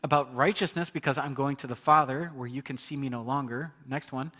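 A man's voice: mid-range voice, steady tone, brisk, bright, forceful tone. A man preaching a sermon in a conversational way, reading scripture aloud and often restarting his words. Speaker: pastor.

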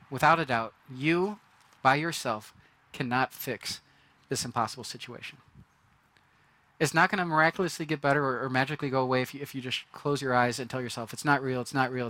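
A man's voice: fairly high pitch, pushed and bright. A man preaching a sermon in a conversational way, acting out the reactions of the people in his story. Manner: conversational, acts out quoted reactions. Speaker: pastor.

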